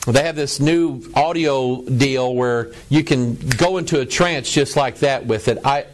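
A middle-aged man preaches a lecture over images to a broadcast audience, his medium-pitched voice unhurried with a little hiss or hum. He stresses words by drawing them out and often repeats himself.

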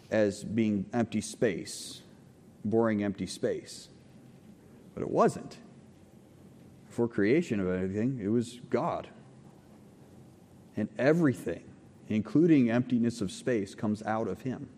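The pastor here has a medium-pitched, dark-toned voice, and the recording carries a little hiss or hum along with long hall reverb. He gives a conversational teaching sermon in church, posing questions to the congregation and frequently checking in with okays.

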